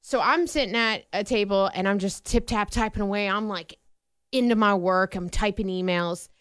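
A woman co-hosting a radio show, telling a story in a lively, self-mocking way. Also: mid-range voice, moderate pace, clear, resonant tone, no room sound, studio quality. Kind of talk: casual chat and storytelling.

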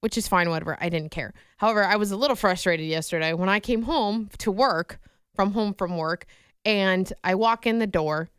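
A woman's voice: medium pitch, moderate pace, fairly bright tone, smooth, no echo, studio quality. A woman co-hosting a radio show, telling a story in a chatty way and laughing often. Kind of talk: casual radio banter.

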